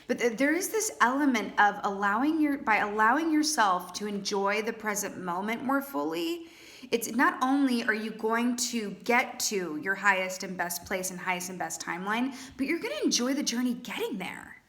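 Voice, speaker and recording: A woman's voice: a little high, expressive, normal speed, fairly bright tone. Chatty, playful woman reading tarot. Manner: chatty, playful, with frequent "right?" asides. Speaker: tarot reader. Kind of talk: casual tarot reading monologue.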